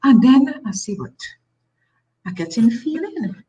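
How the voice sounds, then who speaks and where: Over crowd noise and poor audio, a fairly high-pitched woman talks at a measured pace. Middle-aged and Tobagonian, she appears as a talk show guest, recounting something from her own life with lively emphasis and repeated phrases.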